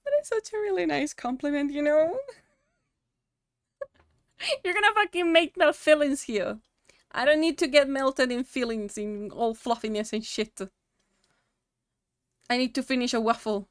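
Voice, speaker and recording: A woman live-streaming and chatting casually to her viewers, emotional and quick to laugh, swearing freely. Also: sits high, dry recording, clean studio sound. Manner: talks to her chat directly. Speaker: livestream host.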